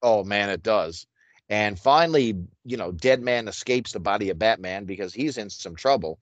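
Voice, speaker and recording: A man's voice: on the low side, animated, normal speed, dry recording, lo-fi sound. A man co-hosting a casual comic book podcast, easygoing and chuckling, often stammering as he starts his points. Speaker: podcast co-host.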